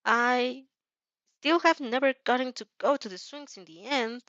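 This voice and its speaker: A woman's voice: high voice, very animated, normal speed, a bit bright, no echo, voice pushed up. A woman voicing a timid young girl who is a shadow, speaking small and unsure, in a dull lo-fi recording. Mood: insecure. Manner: small, insecure, then giddy.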